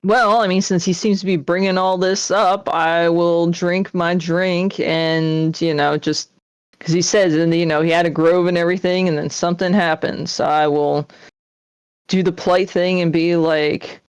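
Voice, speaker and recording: A woman's voice: lowish voice, level tone, normal speed, smooth, no echo. A woman playing a tabletop game, talking in a chatty, rambling way and laughing a lot. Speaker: player. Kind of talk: tabletop game role-play.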